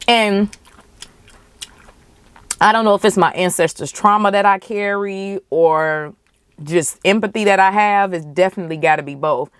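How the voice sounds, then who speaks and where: Podcast host, young woman, low voice, passionate casual movie reaction. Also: dry recording. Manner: animated, emotional, profane, slangy.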